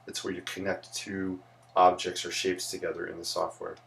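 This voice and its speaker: A man's voice: deep voice, monotone, moderate pace, creaky, fairly bright tone. A man, an architect who teaches, chatting casually with viewers on a livestream while he sketches. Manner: chatty, greets viewers, rambling asides.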